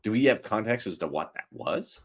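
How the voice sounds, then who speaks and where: A man co-hosting a political podcast, excitable, stammering and firing repeated eager questions. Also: lowish voice, a little fast. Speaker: podcast co-host.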